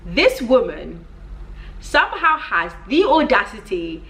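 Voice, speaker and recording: A Nigerian woman in her twenties, a vlogger giving a comedic rant in an animated, exasperated way and often breaking into laughter. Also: medium pitch, moderate pace.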